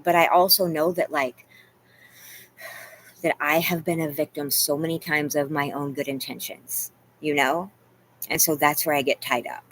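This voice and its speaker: A woman with a somewhat low voice rambles through a confessional livestream chat, leaning on "you guys" and "like" as she talks to her viewers. Faint room ambience sits behind her. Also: steady tone, moderate pace, a bit bright, slight background noise. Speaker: vlogger talking to live chat. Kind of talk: emotional casual livestream chat.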